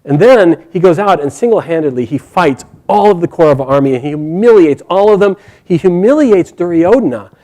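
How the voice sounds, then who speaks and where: A male storyteller retells an epic tale with lively, animated energy and casual fillers. His voice sits fairly high and has a warm, mellow tone. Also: a little fast, few pauses. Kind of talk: oral storytelling.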